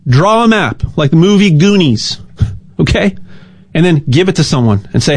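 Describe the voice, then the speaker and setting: A man hosting a show, talking in a casual, animated and rambling way that repeats and restarts words, with a sponsor pitch. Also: moderate pace, husky, no echo. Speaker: show host.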